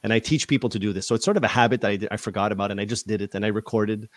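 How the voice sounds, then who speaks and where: A man's voice: lowish voice, rapid-fire, no room sound. A man as a podcast guest, telling stories in a casual conversation with laughs. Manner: animated storytelling with laughs. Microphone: video call.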